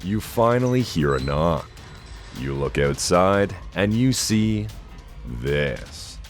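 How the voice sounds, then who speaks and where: A man giving a scripted horror-list narration in a slow, ominous storytelling manner. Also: low-pitched, very animated. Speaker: narrator of a countdown list video. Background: soft background music.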